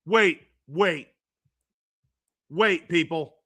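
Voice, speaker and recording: A man hosts a live stream about football news, his voice hoarse from screaming. He sounds bright and a touch high for a man, excitable and quick to laugh as he reacts to the chat. The sound is close and dry, with no room around it. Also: dry recording. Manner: excitable, laughs often, reads chat aloud.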